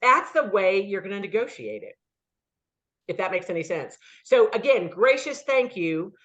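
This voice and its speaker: A woman's voice: mid-range voice, normal speed. A woman career consultant giving advice in an online chat, telling stories and acting out the dialogue in them. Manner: lively storyteller who acts out dialogue. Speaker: career consultant, guest speaker. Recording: dull lo-fi audio.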